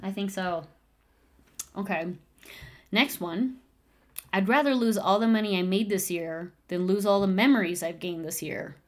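A woman in casual conversation, talking through her opinions with restarts and quick laughs. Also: medium pitch. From United States. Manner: animated, thinks aloud with restarts and laughs. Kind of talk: casual chat.

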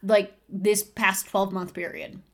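A woman in casual conversation, talking through her opinions with restarts and quick laughs. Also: medium pitch. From United States. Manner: animated, thinks aloud with restarts and laughs. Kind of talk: casual chat.

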